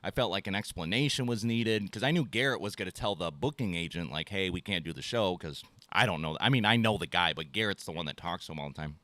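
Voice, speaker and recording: A man with a low voice talks fast with few pauses, his delivery pushed and bright, in an echo-free recording. Hosting a podcast, he tells a casual, profane story and acts out both sides of his phone calls.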